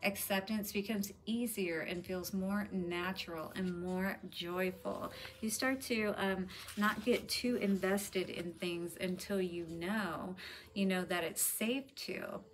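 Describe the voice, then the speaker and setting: A woman's voice: medium pitch, fairly even intonation, slow. A woman talks through a spiritual tarot reading in a chatty, reassuring way. She often drops in "you know" and "right?" as she goes. A faint noise sits behind her voice. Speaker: tarot reader.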